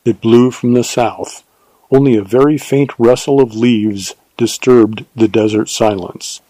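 A man narrating a novel in a measured, even storytelling manner. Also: mid-range voice, no room sound, low-quality recording. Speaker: audiobook narrator. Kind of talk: scripted narration of a western novel.

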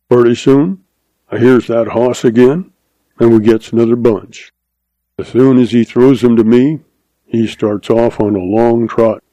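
A man's voice: medium pitch, mellow, no echo, poor audio. A man reading an old-west story aloud in a drawling cowboy dialect, plain and dry in manner. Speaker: narrator.

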